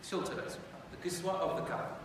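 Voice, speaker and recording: A man teaching religious history as a conversational storytelling lecture, often asking his listeners rhetorical questions. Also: very fast. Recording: echoey hall from far off, faint noise.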